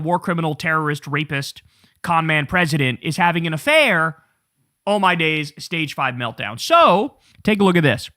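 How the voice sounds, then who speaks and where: A man's voice: on the high side, lively intonation, normal speed, bright, forceful tone, dry recording, clean studio sound. A man hosting an online political commentary show, blunt and sarcastic.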